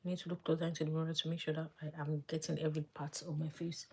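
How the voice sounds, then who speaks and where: A woman vlogger chatting casually as she does her makeup live, thinking aloud and dropping to soft murmurs while she works. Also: low voice, little pitch movement, racing, slightly rough. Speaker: beauty vlogger.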